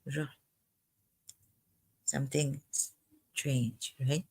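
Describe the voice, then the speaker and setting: A speaker giving a halting, informal commentary on a scripture verse, with a cough, often repeating words and restarting sentences. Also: medium pitch, fairly even intonation, a little mellow, breathy edge. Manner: slow and deliberate, dwells on single words. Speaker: religious commentator.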